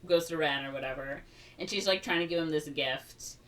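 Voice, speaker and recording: A woman with a low-pitched voice recaps a story in a loose, rambling podcast chat. She leans on fillers and trails off often. Her voice sounds a little distant from the microphone. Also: a little fast, fairly bright tone. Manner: rambling, filler-heavy, frequent "like" and "um". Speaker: podcast host. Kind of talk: casual plot recap chat.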